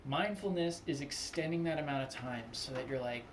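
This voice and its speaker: A young man talking casually on his own, rambling with lots of "like" and acting out quick angry replies. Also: mid-range voice, background noise. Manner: loose and rambling, full of "like", acts out angry quotes. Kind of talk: casual spoken monologue.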